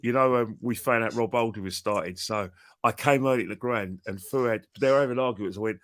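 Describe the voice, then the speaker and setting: Guy rambling as a guest, keeps repeating himself, cheeky, middle pitch. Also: brisk, fairly bright tone. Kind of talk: casual chat.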